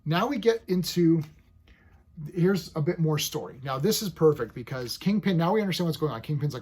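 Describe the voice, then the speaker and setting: A man casually reviewing a comic, excitable and animated, paraphrasing characters' lines in quick bursts. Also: fairly high pitch.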